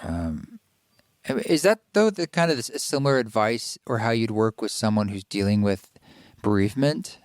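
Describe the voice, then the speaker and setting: A man's voice: fairly low pitch, very animated, moderate pace, no echo, studio quality. A man hosting a podcast interview, casual and friendly, laughing easily. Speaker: podcast host.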